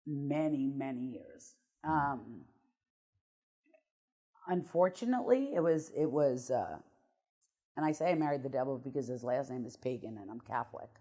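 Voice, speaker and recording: Blunt low-voiced woman telling her story. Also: lively intonation, moderate pace, pauses often, mellow. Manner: blunt, emotional storytelling with swearing. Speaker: guest. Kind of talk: candid storytelling interview.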